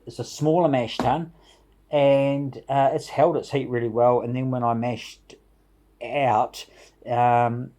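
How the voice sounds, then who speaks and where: A man's voice: mid-range voice, warm tone. A middle-aged man hosting a home brewing vlog, chatting casually and enthusiastically, rambling a little and chuckling as he goes. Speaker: home brewing channel host. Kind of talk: casual vlog shout-outs.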